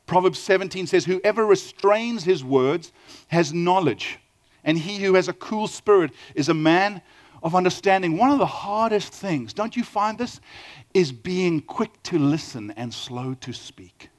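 A middle-aged man with a South African accent, preaching a sermon with lively storytelling and questions to the audience. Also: high voice, measured pace. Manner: animated storytelling, asks the audience questions, acts out quoted dialogue. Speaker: pastor.

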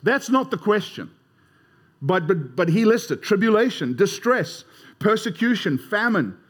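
A man preaching a sermon as pastor, emphatic and conversational, often repeating words. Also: high-pitched.

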